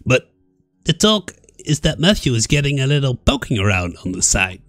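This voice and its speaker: A man's voice: very animated, moderate pace, a bit bright, no room sound, faint music behind. A man doing Ruth, a tittering gossipy old woman. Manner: high, tittering falsetto old-lady voice.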